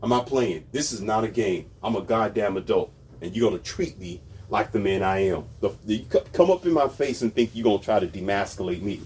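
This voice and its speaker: A man's voice: fairly low pitch, expressive, brisk, darkish tone, breathy edge. A man hosting a commentary channel, ranting about society in a sarcastic, emphatic way and repeating his points.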